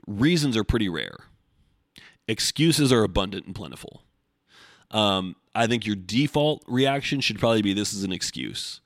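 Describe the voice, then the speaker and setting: A man's voice: medium pitch, dry recording, studio quality. A man hosting a casual solo podcast from home, blunt and profane, rambling with restarts. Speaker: podcast host. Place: home, recording before the gym.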